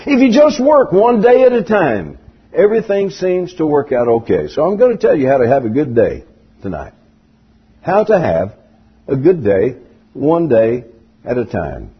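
An older man delivers a folksy sermon, his voice riding high and swinging widely in pitch. There is a husky grain to his tone. The recording sounds dull and lo-fi, like an old church tape. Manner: folksy storytelling preaching with big pitch swings. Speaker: preacher.

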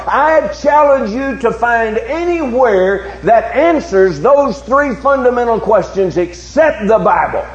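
A male preacher giving a sermon, swinging from low hushed tones to loud, emphatic challenges with repeated rhetorical questions. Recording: echoey, dull recording with faint hum.

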